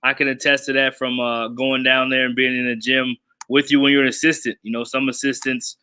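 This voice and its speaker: A man hosts a sports podcast in friendly, casual chat, tossing in "man" often. He talks quickly, with a bright, forceful tone. His voice comes through smooth and crisp. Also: medium pitch, level tone. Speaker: podcast host.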